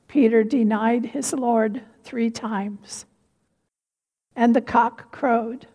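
A woman giving a sermon, telling a story slowly and reflectively. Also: fairly high pitch, darkish tone. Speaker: preacher. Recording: reverberant hall.

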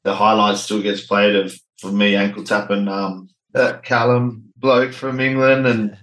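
A man's voice: on the low side, flat delivery, a little slow, a bit bright, reverberant, rough recording. A man in his thirties with an Australian accent, a former rugby league player talking casually as an interview guest, laid-back, with lots of "like" and "you know".

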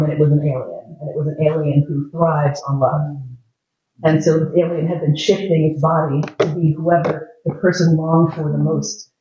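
A man with a slightly raised pitch gives a frank, humorous lecture, swearing casually as he tells personal stories. The recording is roomy and echoey. The sound is dull and lo-fi. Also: warm tone.

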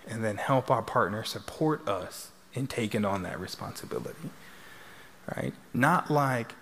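A man's voice: fairly low pitch, lively intonation, unhurried, a bit bright, slight background noise. A middle-aged man, a couples therapist speaking to a live audience in a chatty way, tagging sentences with "right?". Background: audience laughter.

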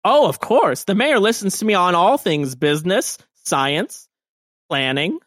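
A man's voice: high voice, big pitch swings, unhurried, fairly bright tone, dry recording, clean studio sound, exaggerated voice. A man voicing a sickly, fretful seventeen-year-old boy who serves as a mayor's assistant. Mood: earnest. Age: 17 (figure). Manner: fretful, eager to please.

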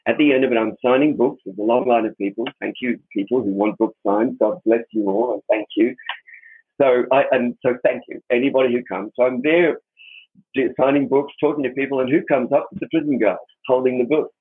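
A man with a husky, somewhat breathy voice tells a personal story in an interview. He is earnest and animated and repeats words for emphasis. The sound is thin and tinny, like a phone line. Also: mid-range voice, a little fast. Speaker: interview guest, author. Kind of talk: spoken anecdote, storytelling.

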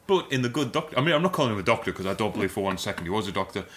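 A man with a low, bright and forceful voice, spinning a rambling comic story in casual podcast chat. He swears freely and laughs as he goes. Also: lively intonation, very fast. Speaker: podcast co-host.

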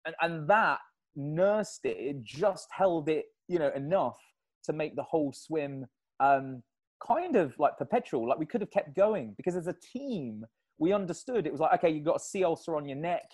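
A man being interviewed on a podcast, telling stories in an animated, casual way and laughing often. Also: fairly high pitch, normal speed, breathy edge. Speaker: podcast guest, endurance athlete.

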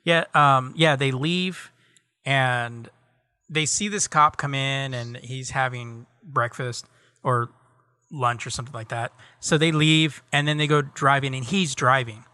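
A man's voice: medium pitch, measured pace, smooth, dry recording. A man co-hosting a podcast, casually retelling a TV episode's plot with lots of fillers. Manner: relaxed storytelling with many fillers. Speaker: podcast co-host. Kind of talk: casual chat recapping a TV episode.

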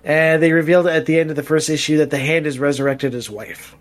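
A man's voice: a little high, fairly even intonation, quick pace. A man hosting a podcast who gives casual, crude, joking commentary on a movie. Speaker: podcast host.

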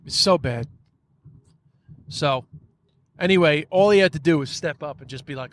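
A man's voice: on the high side, moderate pace, pauses often, fairly bright tone. Man ranting with frustration. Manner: frustrated, profane, many fillers. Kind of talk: casual ranting monologue.

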